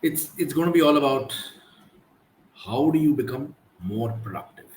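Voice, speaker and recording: A man with an Indian English accent hosting a casual live-stream talk, chatting loosely and slipping in quick Hindi asides. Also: mid-range voice, lively intonation, a little mellow. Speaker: host of a live productivity talk. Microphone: live stream from computer. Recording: roomy echo, faint background noise.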